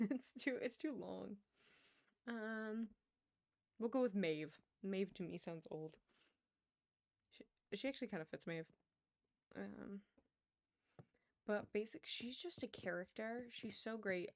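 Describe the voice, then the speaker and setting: A woman's voice: medium pitch, no room sound. Young woman livestreamer, chatty storyteller, dry close sound, mid-range voice. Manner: chatty storytelling, laughs often, mutters while playing. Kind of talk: casual chat while gaming.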